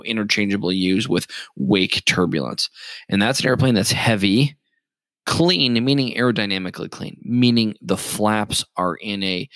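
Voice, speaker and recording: A man's voice: lowish voice, a bit bright, dry recording. A man who works as a flight instructor, explaining aviation in a rambling, casual way with lots of fillers and restarts.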